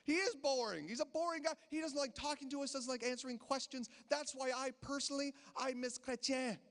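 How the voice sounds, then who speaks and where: A man's voice: very high-pitched, a little fast, a bit bright, in a large hall. A man in his thirties doing a chatty stand-up set in a casino, telling stories and acting out the people in them. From Canada. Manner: chatty storytelling, acts out quoted voices. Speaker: stand-up comedian. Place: casino stage.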